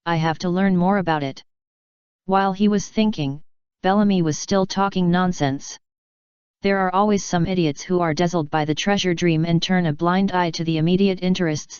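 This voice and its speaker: Clear-voiced woman narrating an audiobook. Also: fairly low pitch, a little mellow, no room sound. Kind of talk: reading a fanfiction audiobook. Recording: dry, slightly dull recording.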